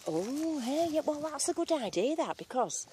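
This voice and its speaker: Metal detecting outdoors in a field, a woman from England narrates her vlog casually, joking and dropping slang in a strong regional accent. Her voice sits high, very animated and warm, at a normal pace, with slight background noise.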